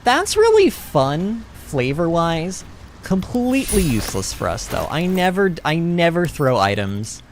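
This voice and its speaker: A man's voice: a little high, big pitch swings, unhurried, a little hiss or hum. A man casually chatting as he streams a game, reading chat aloud and laughing often. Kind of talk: casual gaming commentary.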